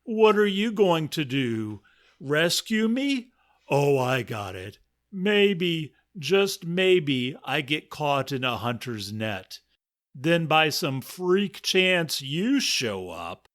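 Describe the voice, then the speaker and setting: A man voicing a big, arrogant lion in a storybook comedy, talking loud and mocking. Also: mid-range voice, big pitch swings, extremely slow, full character voice.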